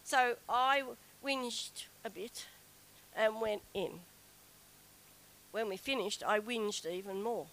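A woman in middle age tells a personal anecdote to a gathered audience. Her voice sits a little high and comes across bright and clear. She talks in a chatty, animated way and slips into a whiny tone when she acts out her own complaints. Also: slow pace, long pauses, rough recording. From Australia. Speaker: speaker telling a story to a group.

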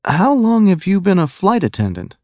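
A man voicing an older, short, gray-haired gentleman who speaks courteously and kindly. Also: high-pitched, wildly swooping pitch, moderate pace, dry recording, voice pushed up. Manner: courteous, friendly.

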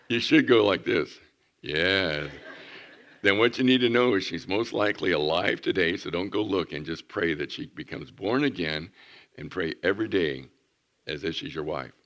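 A man preaching, a pastor telling a lively story to children in church and asking them questions. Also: lowish voice, highs cut off. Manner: animated storyteller, asks the kids questions.

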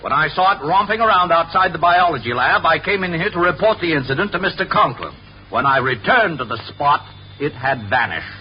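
An actor as a pompous school official, old radio. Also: male voice, on the high side, lively intonation, a little fast, lightly acted. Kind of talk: 1950s radio sitcom acting. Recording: dull old radio broadcast with faint hiss.

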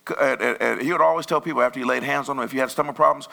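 A man preaching a sermon as pastor, talking in a loose, conversational way with sudden loud bursts. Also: mid-range voice, racing, vocal fry.

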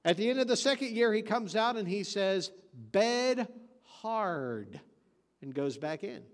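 A man's voice: high voice, expressive, a little fast, long reverb tail. A man preaching a sermon, telling folksy stories and joking, then hammering points home with emphatic repetition. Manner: folksy storytelling with joke delivery.

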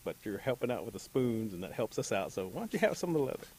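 A man's voice: fairly low pitch, big pitch swings, fast talker, dark tone, slightly rough. A man voicing a generous village woman in a told folktale, easygoing and chatty.

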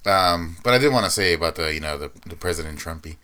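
A man's voice: low voice, animated, quick pace, sharp tone. A man co-hosting a podcast, telling loose stories with laughs and swearing in casual chat. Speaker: podcast co-host. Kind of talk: casual chat about fighting sports.

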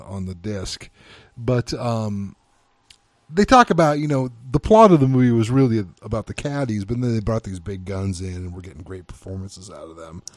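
A man's voice: medium pitch, a little mellow, no room sound. Hesitant man in a dry room. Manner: halting, lots of fillers and restarts. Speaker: podcast co-host. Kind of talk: casual movie review chat.

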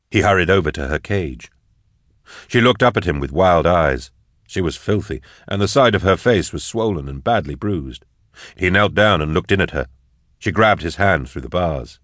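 A man reads fiction aloud in a steady, measured way. His voice is very deep, recorded close and dry in a studio. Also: no room sound. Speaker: audiobook narrator. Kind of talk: scripted fiction narration.

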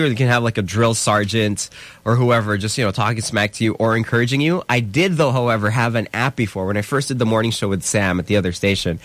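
A man's voice: mid-range voice, fairly bright tone, no echo. A young Filipino man co-hosting a morning radio show, chatting in an easygoing way. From Philippines. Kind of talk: casual radio banter.

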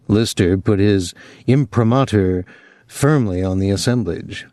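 A man narrating a novel as an audiobook in a measured, expressive storytelling voice, on a close microphone. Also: lowish voice, no room sound. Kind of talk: scripted narration.

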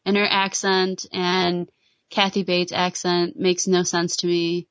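A woman's voice: fairly low pitch, completely flat delivery, slow pace, a bit bright, smooth, dry recording. A woman chatting casually about a TV show, with many fillers and hedges. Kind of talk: casual chat. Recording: dull lo-fi sound.

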